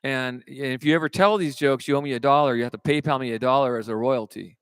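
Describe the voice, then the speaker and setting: Between songs at a live show, a California singer-songwriter chats and tells self-mocking jokes. His mid-range voice is fast, clear, resonant and a bit bright, recorded in studio quality with no echo.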